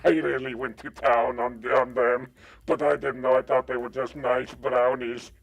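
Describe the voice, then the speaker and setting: A man's voice: medium pitch, flat delivery, normal speed, vocal fry, husky. A man calling into a live show, panicky and insulting. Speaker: caller. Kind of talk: comic bit over a call.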